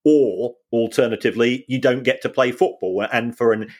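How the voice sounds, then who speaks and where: A man co-hosting a football podcast, talking things through in a measured way with many fillers and restarts. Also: mid-range voice, a little mellow. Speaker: podcast co-host. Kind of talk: casual football finance chat.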